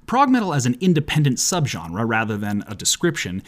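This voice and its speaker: A man hosting a comedic podcast monologue, making sarcastic, deadpan jokes with profane asides. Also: mid-range voice, fairly quick. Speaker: podcast host.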